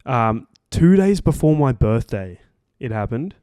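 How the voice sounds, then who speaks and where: On a podcast he co-hosts, a young Australian man rambles through a casual story, swearing freely and filling gaps with "like" and "um". His mid-range voice swings widely in pitch, a little slow and dark-toned, smooth, with clean studio sound and no room sound.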